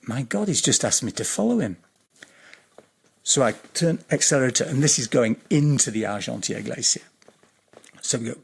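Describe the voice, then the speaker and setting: A man, a podcast guest telling a vivid, swearing story, repeating words and slowing down at tense moments. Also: medium pitch, creaky, husky. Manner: slows down and lifts his voice at tense moments. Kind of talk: animated storytelling in a podcast interview.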